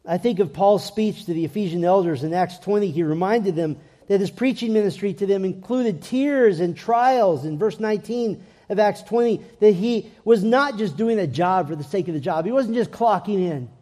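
A man's voice: sits high, normal speed, mellow. A man preaching a sermon in an earnest way, his voice rising and swelling when he reads scripture aloud.

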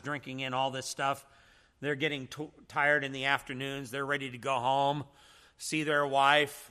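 A man's voice: mid-range voice, pushed and bright. A man teaching a church seminar in a preaching style, emphatic and full of rhetorical questions.

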